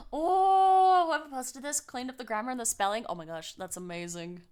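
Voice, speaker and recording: A woman streamer chatting casually with her viewers, excitable and self-deprecating, with frequent exclamations and laughter. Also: medium pitch, quick pace, smooth. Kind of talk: casual live-stream chat.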